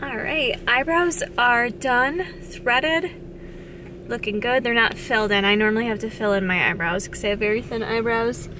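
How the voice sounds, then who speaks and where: A young woman films herself for her vlog, talking in a casual, upbeat ramble full of "like". Her voice sits a bit high and sounds bright and forward. A faint hiss lies under the handheld recording. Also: normal speed. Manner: chatty, upbeat, says "like" often. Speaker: fitness vlogger. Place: out and about: car, gym, home.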